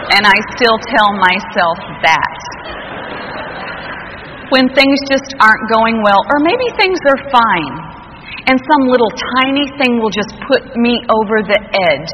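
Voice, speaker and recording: A woman's voice: fairly high pitch, animated, a little slow. A middle-aged woman giving an earnest personal testimony as a guest speaker, telling her story to a gathering. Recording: echoey hall, faint background noise.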